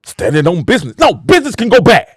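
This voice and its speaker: A man with a high, lively voice that leaps up and down as he preaches to his listeners. He talks like a show host in a casual motivational monologue, exclamatory and hyping himself up, and the sound is dry and close. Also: fast, slightly rough, no echo.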